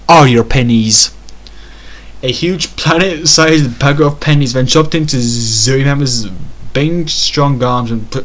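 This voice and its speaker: A man reading fan fiction aloud for comedy, stumbling over words and breaking into incredulous, exasperated asides. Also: medium pitch.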